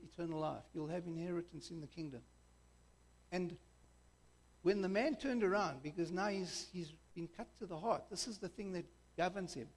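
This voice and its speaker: A man's voice: high voice, gravelly, a little mellow. A middle-aged man with a South African accent preaching a sermon in a conversational, jokey way that wanders into school stories. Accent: South African English.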